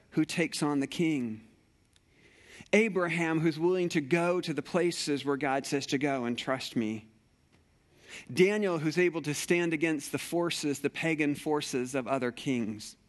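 A male pastor preaching a sermon, telling a personal story with animated energy and acting out the scenes. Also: fairly high pitch.

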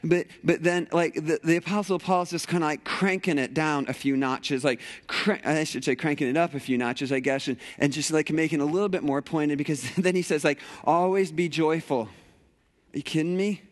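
A man preaching a conversational sermon in a church sanctuary, animated and playful with rhetorical questions. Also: a little high, normal speed, hardly any pauses. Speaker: pastor.

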